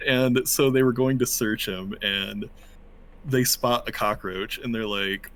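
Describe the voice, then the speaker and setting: A man's voice: fairly low pitch, a little slow. A man in casual chat at a tabletop game, telling an anecdote animatedly and acting out the quotes. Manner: animated storyteller who acts out quoted lines. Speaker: player.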